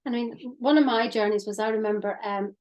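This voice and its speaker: A woman's voice: on the high side, steady tone, fairly quick, darkish tone. A woman in her fifties co-hosting a casual chat as a mindset coach over a video call, talking in a reflective, hesitant way. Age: 50s. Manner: reflective, hesitant, with fillers and restarts.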